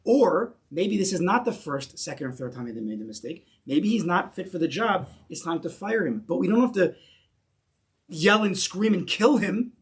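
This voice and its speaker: A man's voice: sits high, animated, normal speed. A man teaching a Torah class in English mixed with Hebrew terms, emphatic and repeating key phrases as he builds to a point.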